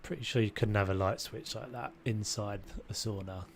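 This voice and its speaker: A man's voice: fairly low pitch, fairly even intonation, moderate pace, a little hiss or hum. A young man streaming a renovation game, casually thinking aloud and muttering to himself as he builds, with self-deprecating asides. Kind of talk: casual live-stream commentary.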